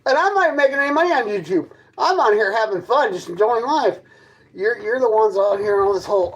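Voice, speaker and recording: A man's voice: sits high, lively intonation, a little fast, slightly rough, low-quality recording. A man hosting a casual livestream from his trailer, mocking and arguing with his chat in a sarcastic, combative way. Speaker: livestream host chatting with viewers. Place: inside his fifth-wheel trailer.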